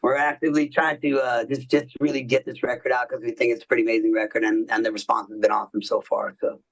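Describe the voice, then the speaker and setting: A man's voice: mid-range voice, level tone, quick pace. Laid-back man, distant from the mic. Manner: laid-back, slangy, laughs often. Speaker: guest musician. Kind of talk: casual podcast interview chat.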